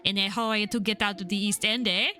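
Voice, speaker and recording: A woman's voice: mid-range voice, steady tone, a little fast, pushed and bright, close to an everyday voice. A woman doing a sneering London barman. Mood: scornful. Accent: put-on London accent. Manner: sneering, scornful. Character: surly male East End pub barman.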